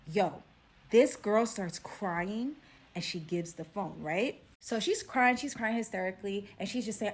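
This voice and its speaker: A young woman from Brooklyn with a Brooklyn accent, telling a casual storytime. She speaks in an animated way and drops to hushed tones for suspense. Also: medium pitch, a little slow. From Brooklyn, New York.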